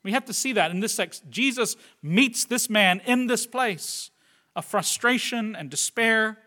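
A man preaching a sermon with earnest delivery, moving from loud, stressed phrases to quiet asides and often turning to the listeners with questions like "right?". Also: high voice, lively intonation, a little slow. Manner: addresses the listeners directly with tag questions. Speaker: pastor.

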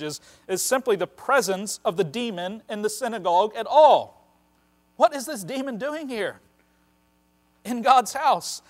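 A man preaching a sermon, earnest and emphatic, slowing down to stress key phrases. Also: sits high.

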